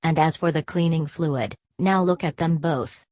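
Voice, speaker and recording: A woman's voice: sits low, measured pace, mellow. Woman playing an effusive male floor manager. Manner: effusive and grand. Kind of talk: storybook reading.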